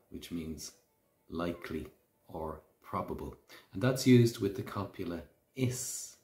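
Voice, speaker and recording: A man teaching Irish phrases in a language lesson, saying each example slowly and carefully. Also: sits low, a little mellow. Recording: roomy echo.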